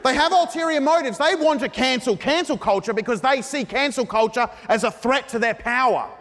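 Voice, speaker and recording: A man's voice: extremely high pitch, fairly quick, a bit bright, slight background noise. A man doing a stand-up comedy set in a mock-earnest, ranting style. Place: large theatre stage. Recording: live hall recording with reverb.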